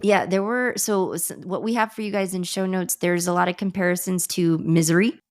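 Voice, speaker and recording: A woman with a low voice hosts a podcast in a loose, casual way. She rambles, restarts her sentences and laughs along the way. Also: steady tone, brisk. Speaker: podcast host. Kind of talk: casual chat.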